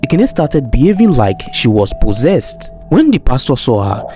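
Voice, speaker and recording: A man narrating a folktale in a steady, plain storytelling manner with expressive rises. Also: mid-range voice, normal speed, over music.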